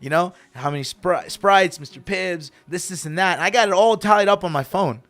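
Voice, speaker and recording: Middle-aged male radio host, lively anecdote teller, voice a little on the high side. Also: moderate pace. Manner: animated, acts out quoted voices, switches between English and Spanish. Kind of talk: casual storytelling.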